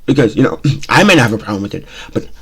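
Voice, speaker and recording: A man's voice: mid-range voice, sing-song, rapid-fire, fairly bright tone, breathy edge. A man hosting his own talk show, giving blunt, opinionated commentary and often repeating himself with "okay?" and "you know?". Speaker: show host.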